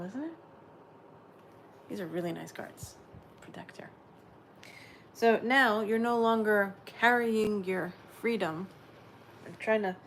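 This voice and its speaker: A woman giving a spiritual oracle card reading, gentle and dreamy, often slipping into soft whispers. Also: medium pitch, slight background noise.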